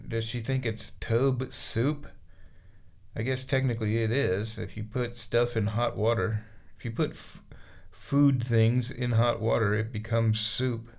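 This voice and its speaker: A man's voice: medium pitch, gravelly. A man chatting aloud from a bathroom bathtub, musing to himself and cooing at his cat. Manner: talks baby-talk to his cat, muses aloud. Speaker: vlogger. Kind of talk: rambling casual monologue.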